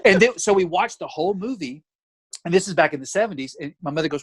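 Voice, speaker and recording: A man's voice: high voice, fast talker, slightly rough, dry recording, rough recording. A man, a comedian telling stories as a podcast guest over a video call and acting out the voices in them. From Alabama, USA. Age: 40s. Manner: animated storyteller who acts out voices. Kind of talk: casual storytelling chat. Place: home room with closet door. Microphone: video call with camera and ring light.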